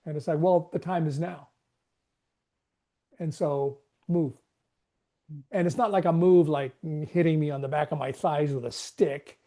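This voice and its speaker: A man shares his thoughts in a casual group discussion. His voice is mellow and warm. He rambles and acts out a back-and-forth with himself. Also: a little high, steady tone, normal speed. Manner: rambling, self-questioning, acts out inner dialogue. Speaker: webinar participant.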